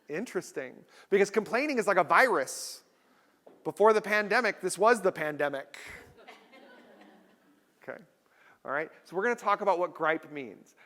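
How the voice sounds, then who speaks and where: A man's voice: on the high side, fairly bright tone. A man giving a humorous keynote talk to a conference audience, telling stories and acting out the people in them. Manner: storytelling, acts out voices for effect. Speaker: keynote speaker. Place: large conference hall. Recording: long hall reverb.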